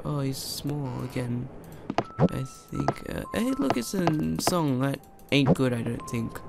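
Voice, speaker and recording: A young man doing let's play commentary on a horror game, excitable, chatting to the characters and yelling when startled. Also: mid-range voice, measured pace, creaky, over loud music. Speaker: gamer.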